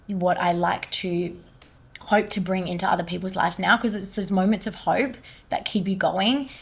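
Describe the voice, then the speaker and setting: A woman, a guest energy healer, telling a personal story in animated casual conversation with lots of "like". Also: medium pitch, normal speed, gravelly, husky. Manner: animated, many fillers like "like".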